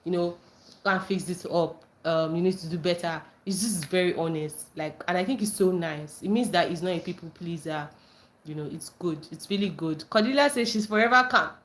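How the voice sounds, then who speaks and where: A woman's voice: fairly low pitch, brisk, a little hiss or hum. A woman hosting a casual livestream, reading viewer comments aloud and reacting with frequent laughter and squealed greetings. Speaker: livestream host.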